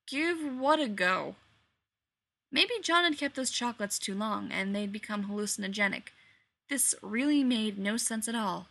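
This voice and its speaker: A woman reading fiction aloud in an expressive, animated storytelling manner. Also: medium pitch, normal speed. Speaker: reader.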